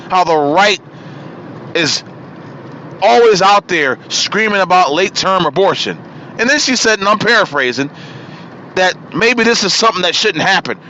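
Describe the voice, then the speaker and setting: A man's voice: high-pitched, sharp tone, dull audio, slight background noise. A man hosting a political talk show, ranting with fire and repeating himself for emphasis. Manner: fiery, ranting, repeats himself and names his targets. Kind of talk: political talk radio monologue.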